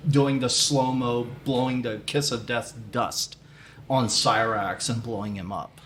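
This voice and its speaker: A man in a casual movie podcast chat, emphatic and quick to agree. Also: medium pitch, fairly even intonation, a bit bright. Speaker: podcast co-host. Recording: roomy with light hiss.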